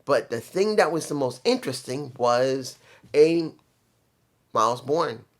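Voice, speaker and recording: A man's voice: medium pitch, animated, a little slow. A man giving a casual solo review of a wrestling show, opinionated and thinking aloud with fillers and restarts.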